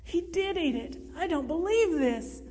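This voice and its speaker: A woman voicing a blunt, bewildered young American man who talks haltingly. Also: very high voice, animated, dark tone, voice pushed up. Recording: reverberant room.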